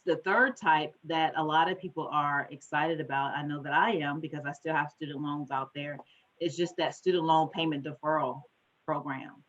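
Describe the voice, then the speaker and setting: A woman financial advisor giving an animated conference talk, speeding up when she gets excited. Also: low voice, dull audio.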